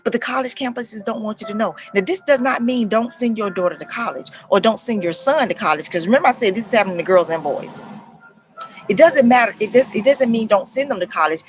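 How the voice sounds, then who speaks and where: A middle-aged woman, a counselor telling stories to parents in a lively, conversational way and acting out the voices. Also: a little high, brisk, slight background noise, low-quality recording. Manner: animated retelling, acts out voices, addresses viewers as y'all. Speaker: counselor and life coach speaking to parents. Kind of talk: casual talk to camera, storytelling.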